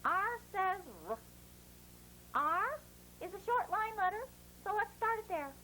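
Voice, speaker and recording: Voicing a cheerful puppet boy in a playful lesson, a performer coaches kids through writing letters with a bouncy, sing-song, encouraging delivery. The pitch is extremely high and the tone bright, forceful, and exaggerated, yet unhurried and animated; the audio is poor, with slight background noise.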